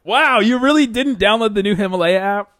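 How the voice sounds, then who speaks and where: A man's voice: high-pitched, brisk, a bit bright, no room sound. A man hosting a casual sports podcast, teasing his co-host and laughing often.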